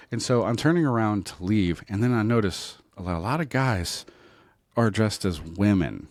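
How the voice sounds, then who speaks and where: A comedian with a very low, deep voice tells a story casually and with plenty of self-mockery, often checking in with his listeners. The sound is close and dry, with no room echo. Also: fairly quick. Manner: animated, self-mocking, keeps checking in with "right?". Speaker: comedian and podcast host.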